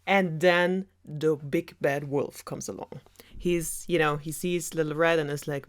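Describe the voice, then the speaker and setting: A woman's voice: sits low, a little slow. Chatty German woman retelling fairy tales. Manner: chatty, rambling asides with laughs. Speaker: storyteller host. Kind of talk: sarcastic fairy tale retelling.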